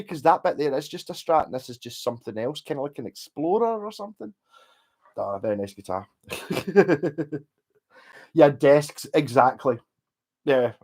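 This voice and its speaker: A man's voice: on the high side, a little mellow. Rambling Scottish man chatting on stream. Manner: rambling, chatty, casual swearing. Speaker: livestream host. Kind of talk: casual livestream chat.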